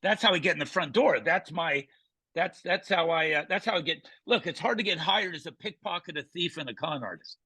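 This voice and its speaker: A man with a husky, forceful, slightly high voice, talking in punchy showman patter. He speaks as a guest in a casual interview chat, and the sound is dry and close. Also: expressive, fairly quick, no echo. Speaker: guest magician.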